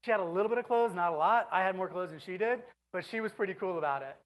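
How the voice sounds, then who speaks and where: A woman giving an animated, exasperated on-stage storytelling speech, now and then breaking into shouts. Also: fairly low pitch, fast talker, lo-fi sound. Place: stage before an audience.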